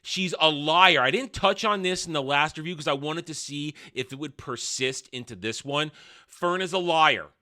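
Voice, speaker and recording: Guy ranting thru a show review, sarcastic and scornful, bright forceful voice a bit on the high side. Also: moderate pace. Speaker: film and TV reviewer.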